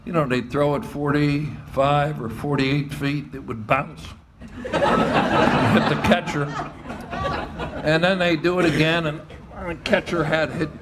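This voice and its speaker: Older man telling lively coaching anecdotes. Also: on the high side, slow, pauses often, over a noisy crowd, very noisy. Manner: animated anecdotes, frequent laughter, acts out quoted voices. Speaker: retired baseball coach and athletic director. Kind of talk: storytelling interview.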